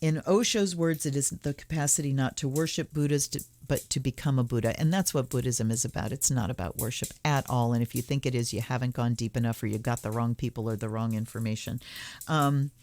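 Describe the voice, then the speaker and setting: With a bass voice that's slightly mellow, a woman running a tarot channel reflects aloud and reads passages from a book. She muses casually and slows her delivery when offering blessings.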